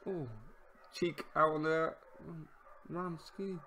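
A man giving casual commentary on his own football management game, excitable, shouting at near misses and goals, and wry about the player names he stumbles over. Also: a little high, slow pace, slight background noise. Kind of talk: casual let's-play commentary.

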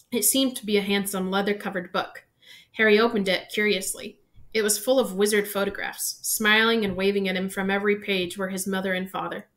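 A woman's voice: medium pitch, fairly quick. Woman reading a storybook aloud. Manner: steady storytelling narration. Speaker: reader.

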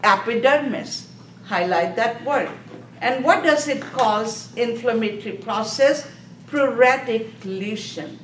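A woman's voice: fairly high pitch, slow pace, a bit bright, slight background noise. Woman instructor, lecture style, drills key terms, distant mic in an echoey room. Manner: repeats key words, quizzes the class with questions; non-native English grammar. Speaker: nursing exam instructor. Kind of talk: classroom lecture. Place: classroom.

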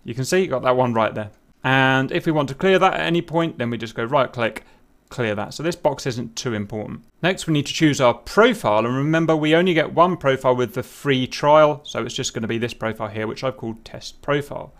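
A man talking through a software install step by step, relaxed and conversational. He says "um" and "uh" as he clicks around his screen, like a friendly tutorial host. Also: mid-range voice, brisk. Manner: casual, step-by-step explaining with fillers.

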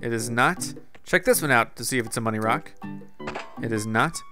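A man talks his way through a life-sim game in loose, casual commentary, thinking out loud and speaking straight to his viewers. His pitch sits in a middle range for a man. Guitar music plays clearly underneath his voice. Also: expressive, moderate pace. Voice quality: chatty, thinks aloud and addresses viewers as "guys". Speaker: gaming video host.

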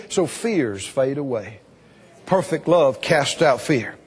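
A man preaching a sermon, swinging dramatically between hushed passages and loud, ringing ones. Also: fairly high pitch, very animated, measured pace, breathy edge. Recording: hall reverb.

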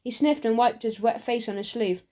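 A woman narrating a children's audiobook with clear, expressive reading. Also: on the high side, normal speed. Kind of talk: storybook narration.

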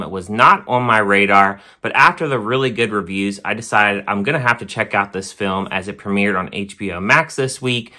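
Bright-voiced man reviewing a film. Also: on the low side. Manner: conversational and plain-spoken, leans on "really" and "basically" often. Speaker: film reviewer hosting his own channel. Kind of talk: casual spoken movie review.

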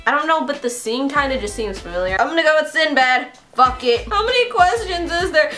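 A young woman with a high, bright-pitched voice chatters through a quiz on her vlog, swearing freely and flipping between mock outrage and giggles. Faint music plays softly behind her. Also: moderate pace, hardly any pauses. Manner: excitable and profane, swearing constantly. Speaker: YouTuber taking an online quiz. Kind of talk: casual vlog commentary.

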